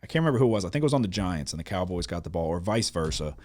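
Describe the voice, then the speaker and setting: A man's voice: sits low, very fast, no echo. A man co-hosting a casual sports betting podcast, telling stories with lots of swearing and acting out his own reactions. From New Orleans area. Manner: animated storyteller, swears freely, acts out his own reactions. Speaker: podcast co-host.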